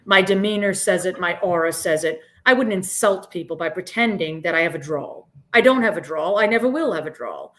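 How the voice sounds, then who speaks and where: A woman's voice: on the low side, lively intonation, fairly quick, hardly any pauses, a bit bright. Earnest woman. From Boston area, US. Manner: earnest, emphatic, frequent "right?" tags. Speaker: podcast guest. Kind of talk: reflective interview talk.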